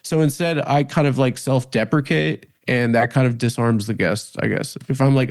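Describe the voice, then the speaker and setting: A man in his thirties, a comedian guest in a casual interview, talking in halting starts with lots of fillers and self-mockery. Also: medium pitch, a little mellow. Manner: halting, many restarts and "like" fillers, self-deprecating. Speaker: comedian and podcast host, guest.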